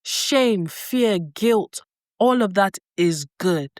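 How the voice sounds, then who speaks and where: A woman's voice: mid-range voice, animated, extremely slow, a little mellow, dry recording, clean studio sound. A woman giving an earnest motivational talk to camera, repeating herself for emphasis. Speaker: life coach and vlogger.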